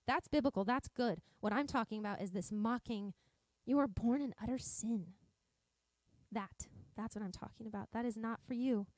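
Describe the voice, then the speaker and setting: A woman's voice: medium pitch, no room sound. A woman from Montana preaching a sermon in a church service, earnest and conversational, often restarting her sentences. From Montana, USA. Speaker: pastor.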